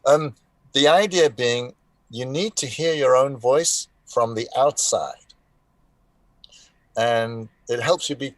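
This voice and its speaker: A man's voice: medium pitch, slow pace, pauses often, dry recording. A man in his sixties from South Africa, a voice actor chatting as a guest over a video call, rambling with many fillers and restarts, wry and frank. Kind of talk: casual live interview chat.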